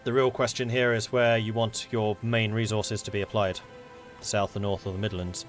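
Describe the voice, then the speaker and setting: A man's voice: fairly low pitch, little pitch movement, normal speed, soft background music. A man with a London accent, chatting casually as he plays through a strategy game, mumbling to himself. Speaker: gameplay streamer.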